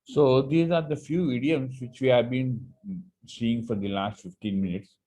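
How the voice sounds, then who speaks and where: A man's voice: medium pitch, steady tone, warm tone. A man with a Telugu accent, a college teacher explaining English idioms in an online class, switching between languages and acting out shop customers. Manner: rapid, mixes languages, acts out shop customers.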